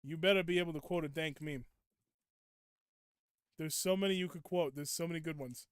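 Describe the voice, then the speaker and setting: Young guy streamer, kinda high clear voice, mock-outraged ranting at chat, dry close sound. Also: fairly quick, dry recording. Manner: playful mock-indignant ranting at viewers. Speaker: gaming streamer. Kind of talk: casual live gameplay chat.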